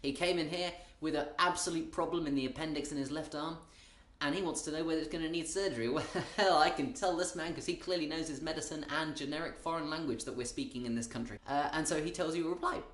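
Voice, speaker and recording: Here the British comedian sounds higher-pitched, quick and a bit bright, with roomy acoustics. Rambling and wry, his comic monologue is full of self-interruptions as he abandons and restarts sentences.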